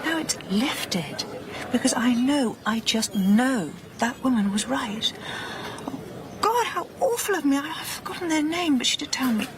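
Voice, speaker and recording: A hushed, fervent grieving wife. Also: female voice, high voice, lively intonation, measured pace, background noise. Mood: elated. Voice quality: hushed, breathy, earnest, often whispering. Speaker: actor in radio drama. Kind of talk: BBC radio drama acting.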